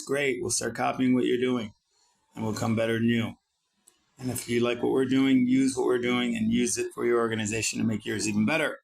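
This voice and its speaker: Speaking in a gravelly, medium-pitched voice, a middle-aged Italian man who is a founder and vlogger edits his page. Meanwhile he rants in a profane, combative, self-promoting way.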